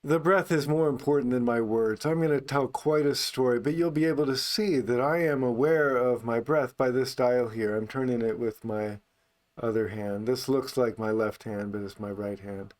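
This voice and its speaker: A man teaching meditation in an unscripted talk, speaking calmly and unhurriedly, only on the out-breath. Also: medium pitch, normal speed.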